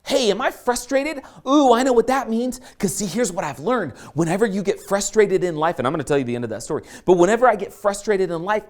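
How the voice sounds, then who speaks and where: Animated, playful male course instructor. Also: high-pitched. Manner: animated and playful, acts out his own reactions. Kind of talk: storytelling lesson.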